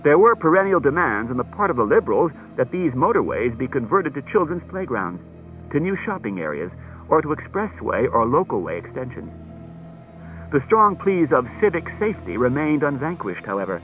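A man reads a novel aloud as audiobook narration, with a lively, varied delivery. The sound is thin and phone-like, as from an old cassette, with faint music behind him. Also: on the high side, normal speed. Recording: tinny narrow-band cassette tape, faint music.

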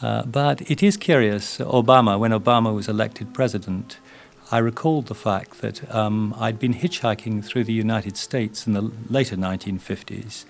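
A man's voice: lowish voice, normal speed, creaky. An older English man talking in an interview in a rambling, self-deprecating way, with many fillers. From England. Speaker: guest, writer. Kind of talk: interview with reading.

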